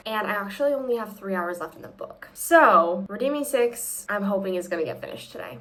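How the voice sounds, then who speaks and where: A woman vlogging about her reading in casual check-ins, gushing and emotional, full of "like", sometimes dropping to a soft whisper. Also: mid-range voice, fast talker, few pauses.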